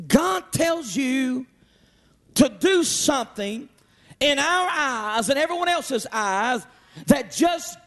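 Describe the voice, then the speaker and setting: A man preaching a Sunday sermon, emphatic, rising to shouts and calling out to his congregation. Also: extremely high pitch. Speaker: pastor.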